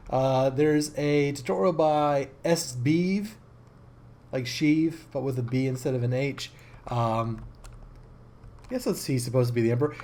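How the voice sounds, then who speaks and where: A man giving casual gameplay commentary as a let's-play host, rambling and easily excited, with many fillers. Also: on the high side.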